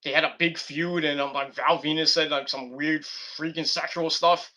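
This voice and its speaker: A man's voice: fairly high pitch, steady tone, normal speed, bright, forceful tone. A man reviewing a wrestling show in a loose, rambling way, giggling and restarting his sentences. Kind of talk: rambling casual commentary.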